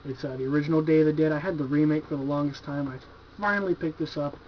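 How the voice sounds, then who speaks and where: A man with a fairly high voice talks through his horror movie shelf in a loose, rambling way, cursing cheerfully as he goes. The sound is dull and lo-fi, like an old home video, with a faint hiss underneath. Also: fairly even intonation, fast talker. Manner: laid-back, profane, enthusiastic, filler-heavy. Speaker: horror movie collector reviewing his purchases. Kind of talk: casual video review.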